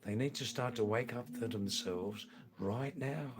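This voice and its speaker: A man born in England hosting a live stream, answering viewer comments in a slow, halting way that repeats phrases. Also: mid-range voice. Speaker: livestream host.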